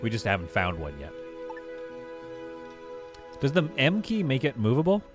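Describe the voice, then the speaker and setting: A man's voice: medium pitch, huge pitch swings, normal speed, music in the background. A man streaming a game live, thinking aloud as he plays, chatting with viewers and laughing easily. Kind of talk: live gameplay commentary.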